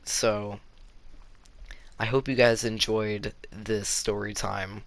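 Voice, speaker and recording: A man's voice: lowish voice, level tone, slow, gravelly, no room sound. A teenage boy telling a casual story-time tale to his viewers, rambling with lots of "like" fillers. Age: teens. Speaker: YouTuber.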